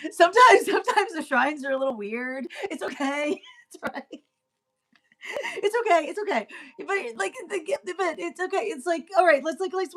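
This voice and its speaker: A young woman talks through a tarot reading in a loose, chatty way. She keeps asking "right?" and breaks into laughter again and again. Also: high voice. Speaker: tarot reader. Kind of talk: casual tarot reading monologue.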